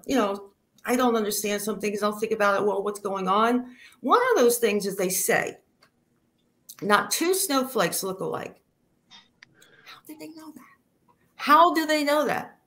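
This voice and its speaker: A woman works through a stand-up set of dry one-liners, leaving pauses for the jokes to land. Her voice sits at a middle pitch. She is recorded over a video call. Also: pushed and bright. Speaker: stand-up comedian. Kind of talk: stand-up comedy routine.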